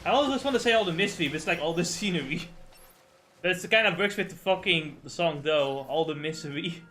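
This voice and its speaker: A man's voice: high voice, expressive, quick pace, sharp tone, faint music behind. A man chatting casually during a game livestream, rambling, swearing often and stumbling over names. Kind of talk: casual gaming stream chat.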